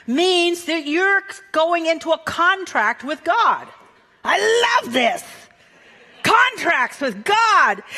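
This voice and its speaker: A woman minister delivers a Sunday sermon with a bright, forceful voice. She keeps it playful and animated and chuckles at her own asides. Her words ring with the long reverb of a large church sanctuary. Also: very high-pitched.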